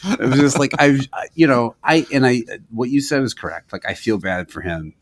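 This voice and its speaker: A man co-hosting a podcast, telling a story in casual chat, swearing and acting out quotes loudly. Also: mid-range voice, a little fast. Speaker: podcast co-host.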